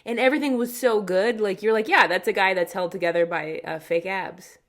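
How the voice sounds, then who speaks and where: A young woman comedian guesting on a movie podcast, talking emphatically with many "like"s and quick restarts. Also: mid-range voice, fairly bright tone. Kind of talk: casual movie chat.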